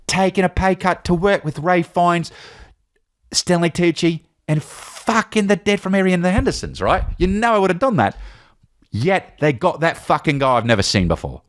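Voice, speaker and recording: A man's voice: a little high, big pitch swings, moderate pace, voice pushed up. A man impersonating an aggrieved veteran film actor who rants profanely at his agent. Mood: indignant. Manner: profane, indignant, hums a tune mid-rant. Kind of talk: comedic impression.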